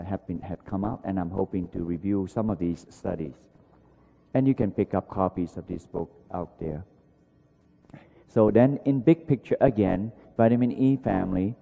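A deep, gravelly-voiced man in his sixties lectures earnestly at a conference, his grammar loose and his words often repeated. His tone is very dark and mellow. The sound is dull and lo-fi, with a long reverb from a large hall.

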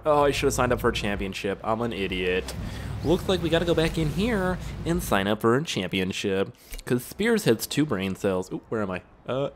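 Lively, foul-mouthed young man gaming. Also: mid-range voice. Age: 20s. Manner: crude, profane joking, rambling asides. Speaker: gaming YouTuber. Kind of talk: gameplay commentary.

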